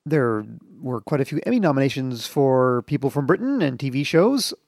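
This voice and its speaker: A man's voice: medium pitch, big pitch swings, normal speed, a little mellow, no room sound. A man hosting a podcast on his own, chatting casually with dry, self-deprecating jokes. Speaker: podcast host. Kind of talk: casual solo podcast monologue.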